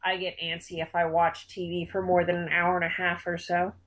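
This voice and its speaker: Twenties, middle pitch, relaxed and enthusiastic casual talker. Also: brisk, rough recording. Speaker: conversation partner. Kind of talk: casual chat.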